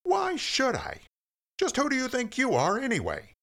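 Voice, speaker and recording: A man voicing Moses as a flustered, indignant shepherd in a comic story reading, squeaking his protests. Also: huge pitch swings, normal speed, creaky, fairly bright tone, heavily acted.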